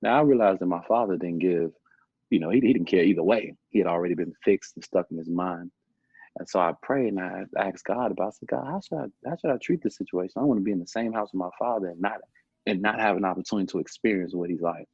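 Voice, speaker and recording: A young man from Chicago with a deep, husky voice tells his story as a podcast guest. He rambles and circles back, leaning on "man" as he goes. The sound is dry and muffled, with a lo-fi podcast feel. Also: quick pace, darkish tone, no echo. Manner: rambling, repeats himself, peppers speech with "man". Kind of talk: casual storytelling interview.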